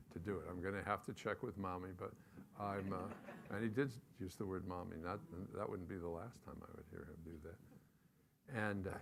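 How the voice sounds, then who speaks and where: Older man with a deep gravelly voice. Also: a little hiss or hum. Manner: relaxed anecdotal, many fillers. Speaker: guest, television executive. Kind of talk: storytelling on stage. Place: stage before a live audience.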